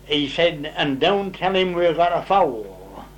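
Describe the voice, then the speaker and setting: A man's voice: a little high, takes it slowly, low-quality recording. Older man telling stories. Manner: rambling, dialect grammar, lively when voicing others' words. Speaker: interviewee telling old farm stories. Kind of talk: casual storytelling.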